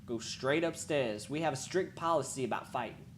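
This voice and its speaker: A woman voicing a stern, calm male bartender who lays down the rules slowly. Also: a bass voice, a little hiss or hum, pitched below the performer's own voice.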